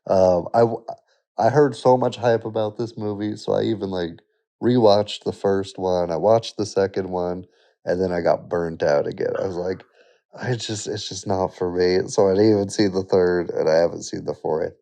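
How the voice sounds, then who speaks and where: A man's voice: low-pitched, fairly even intonation, moderate pace, gravelly, dark tone. A man in casual podcast chat with an easygoing manner who laughs often. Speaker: podcast co-host.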